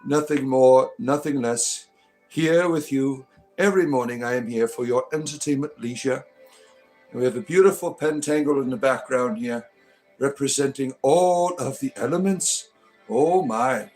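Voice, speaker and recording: A man of middle pitch hosts a casual livestream as a self-styled bard. He rambles, greets viewers one by one and keeps tagging on "right?". Soft music plays faintly behind him. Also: moderate pace. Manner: irreverent, swears casually.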